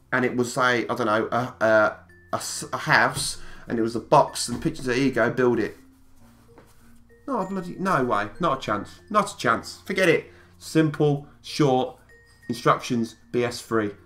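A man vlogging casually to camera at a middle pitch. He talks emphatically and hammers his points by repeating words. Soft guitar music plays faintly behind him. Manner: emphatic, repeats phrases for stress. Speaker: YouTuber. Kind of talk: casual direct-to-camera vlog.

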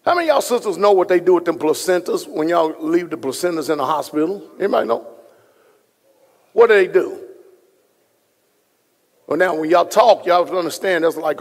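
Male pastor, slightly high, husky voice, joking with a large congregation, long hall reverb. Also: brisk. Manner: folksy, joking, talks straight to the room. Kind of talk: sermon with casual asides to congregation. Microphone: stage microphone being adjusted.

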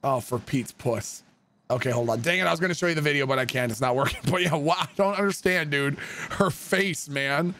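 A male streamer chatting casually with his viewers, excitable and swearing freely. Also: on the high side, a little fast. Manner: excitable, swearing, laughing often.

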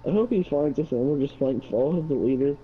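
A man joking with a friend while they play a game, pleading in a slow, goofy way. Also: medium pitch, animated, breathy edge, narrow, tinny audio. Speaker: gamer playing with a friend. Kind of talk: joking gaming banter.

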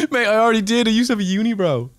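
A man hosting a casual multiplayer game session, excitable and laughing, swearing often. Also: sits high, quick pace. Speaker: gaming channel host.

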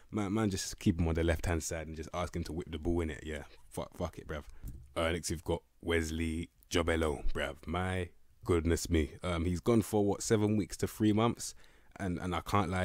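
Young man, very low voice, dry, excitable, rambling slang, swears, casual game commentary. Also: no echo. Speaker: gaming video creator.

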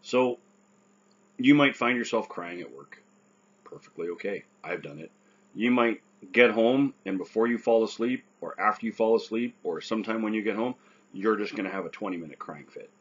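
A man's voice: fairly low pitch, moderate pace, husky, lo-fi sound. A man who survived a stroke gives earnest, casual advice, often checking in with "right?".

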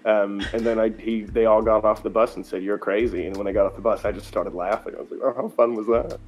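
A young folk singer, appearing as a talk show guest, retells stories in an animated, rambling, casual way packed with fillers. His voice is on the low side and he talks fast, with slight background noise.

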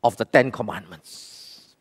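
A pastor with a Malaysian English accent preaches to his church congregation in a fairly low, slightly rough voice at a slow pace. He is emphatic, firing questions at the people and calling on them to respond.

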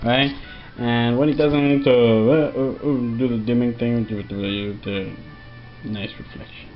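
Faint music plays behind this dull, lo-fi home recording of a man's relaxed tech walkthrough. Speaking unhurriedly in a mid-range, fairly even voice, he rambles, cracks jokes and imitates the computer in mock voices.

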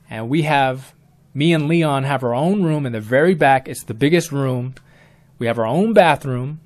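Young dude telling a story, laid back, mid pitch, lots of ums. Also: male voice. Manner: plain, casual, slow storytelling with fillers. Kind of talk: first-person spoken story.

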